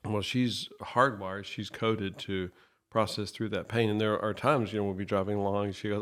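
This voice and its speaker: A man co-hosting a podcast, explaining his thoughts in a thoughtful, measured way. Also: fairly low pitch, fairly even intonation, fairly bright tone. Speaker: podcast co-host. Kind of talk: reflective podcast conversation.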